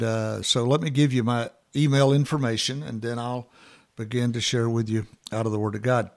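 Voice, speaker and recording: A man's voice: medium pitch, vocal fry. A man hosting a morning devotional podcast, talking informally with many fillers and restarts as he works through a scripture passage.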